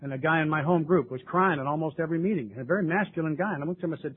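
A man's voice: fairly high pitch, rapid-fire. An older man, sharing his recovery story at a meeting in an earnest, emotional way. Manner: earnest, emotional, tearful at times. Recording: tinny lo-fi recording with faint noise.

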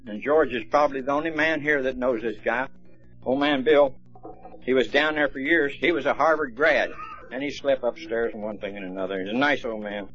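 A man's voice: mid-range voice, fairly bright tone. A man speaking at a recovery meeting, telling stories in a folksy, plainspoken way. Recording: dull lo-fi recording, faint music.

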